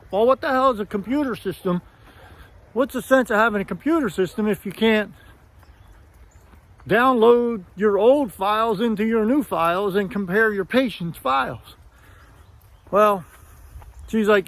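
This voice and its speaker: Older New man, higher-pitched voice, blunt and profane vlog rant. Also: animated, a little slow, long pauses, fairly bright tone. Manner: blunt, profane, retells with quoted dialogue. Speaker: vlogger. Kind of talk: angry rant to camera.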